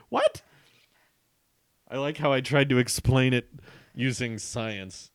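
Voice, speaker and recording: A man's voice: mid-range voice, slow pace, long pauses, clear, resonant tone, no echo, studio quality. A young man reading his childhood comic aloud as a vlogger, with self-mocking, amused asides.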